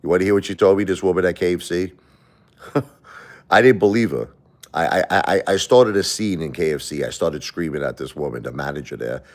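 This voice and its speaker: A middle-aged man with a deep voice hosts a livestream, speaking briskly. He addresses viewers emotionally and defensively, rambling, repeating words and restarting his sentences.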